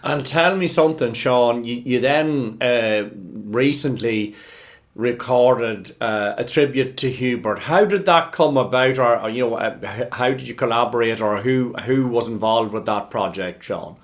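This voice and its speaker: Male interview host, video call, halting questions, middle pitch. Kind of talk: casual interview.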